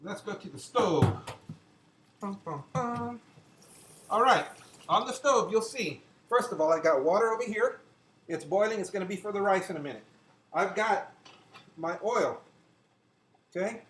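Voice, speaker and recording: A man's voice: high-pitched, lively intonation, normal speed, pauses often, fairly bright tone, poor audio. A chatty older man hosting a casual home cooking demonstration in his kitchen, talking viewers through each step as he works. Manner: chatty, talks to viewers as he cooks. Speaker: home cooking show host.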